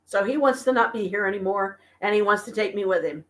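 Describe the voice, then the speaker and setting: An exhausted, stressed woman venting to her viewers in a casual live-stream chat from her apartment, talking slowly and haltingly. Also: medium pitch. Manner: weary, venting, slow and halting. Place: home apartment.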